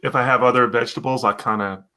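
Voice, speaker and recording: A man appearing as a guest on a live video show, chatting in a relaxed way and clearing his throat now and then. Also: mid-range voice, quick pace. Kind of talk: casual live-stream chat.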